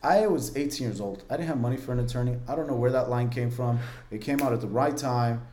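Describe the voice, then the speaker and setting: A man's voice: mid-range voice, fast, warm tone. Man telling stories in a roomy space. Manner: vivid, earnest, many "like" fillers. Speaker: podcast guest. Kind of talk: candid personal storytelling. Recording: roomy, echoey room.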